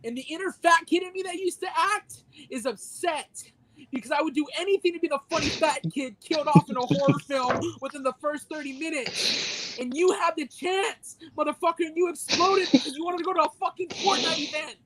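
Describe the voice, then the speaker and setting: A man's voice: extremely high pitch, brisk, a crowd in the background, rough recording. A man co-hosting a casual podcast, delivering a heated, profanity-filled mock rant. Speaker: podcast co-host.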